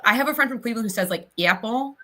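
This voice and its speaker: Woman actor from southern Ohio, bright and forceful voice, chatty livestream guest. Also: fairly high pitch, lively intonation. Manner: chatty, talks in quick bursts with many fillers. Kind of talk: casual livestream interview.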